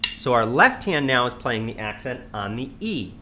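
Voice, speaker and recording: A man teaching a drum lesson, patiently counting sixteenth notes aloud and stressing slow, accurate practice. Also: a little hiss or hum. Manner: patient, repeats counts in a low steady voice. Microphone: studio mic on a stand near the kit.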